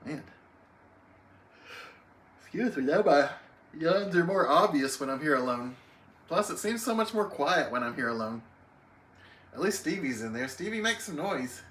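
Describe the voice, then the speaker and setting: Bright-voiced man chatting on a livestream. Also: a little high, animated, moderate pace, long pauses. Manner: friendly, reads chat names aloud, chatty. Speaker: livestream host. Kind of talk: casual livestream chat greeting viewers. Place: home, alone on a live stream.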